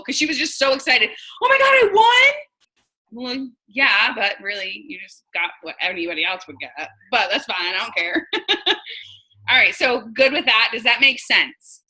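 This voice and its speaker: A woman's voice: fairly high pitch, sharp tone, slightly rough, rough recording. A woman in her thirties from New York, a sales team leader coaching her team in casual, blunt talk and acting out conversations. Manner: chatty, blunt, acts out quoted dialogue.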